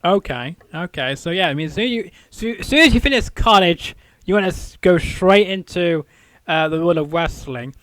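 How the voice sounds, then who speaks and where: A man's voice: sits high, lively intonation, normal speed, fairly bright tone, no echo. A man hosting a casual interview show, rambling with many fillers and repeated "I think". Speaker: show host.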